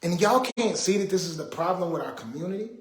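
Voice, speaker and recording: A man's voice: sits high, expressive, fast talker. Exasperated man hosting a livestream. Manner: exasperated, preachy. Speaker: livestream host. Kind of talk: casual livestream monologue. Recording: roomy echo.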